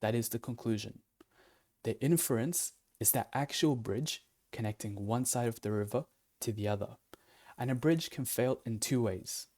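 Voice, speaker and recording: An online teacher with a medium-pitched, dark-toned male voice gives a casual explanatory lesson. He speaks in a loose, conversational way, full of fillers and self-corrections.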